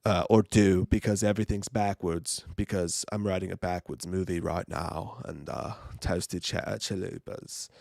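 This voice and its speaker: A man doing a comic impression of a pompous, self-important film director, with a low drawl. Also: steady tone, unhurried, gravelly, hardly any pauses, a little mellow, no room sound, clean studio sound. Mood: pretentious. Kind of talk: comic impression on a live stream.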